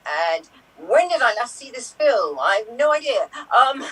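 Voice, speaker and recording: A woman's voice: a little high, sing-song, normal speed, fairly bright tone, slightly rough, distant mic, rough recording. A woman improvising a scene, scattered and self-doubting, humming tunes as she goes. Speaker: improv performer.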